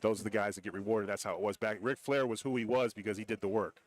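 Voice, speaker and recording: This middle-aged former wrestler and TV commentator, appearing as a guest in a radio row broadcast booth, has a low-pitched, quick voice. He spins lively anecdotes in a casual interview, doing impressions and acting out the voices of those he quotes.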